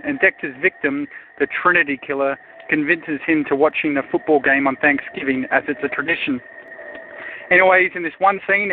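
A man's voice: fairly high pitch, slight background noise. An Australian man calling in to a radio show, rambling and sardonic, with many fillers. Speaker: caller. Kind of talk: phoned-in voicemail rant. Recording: tinny phone line.

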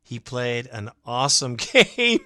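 A man hosting his own fan podcast, ranting with heated emotion and cursing as he answers listeners. His voice is bright and forceful, recorded close and dry with no room sound. He talks casually, in a steady middle pitch. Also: measured pace, no echo. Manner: emotional, ranting, swears freely.

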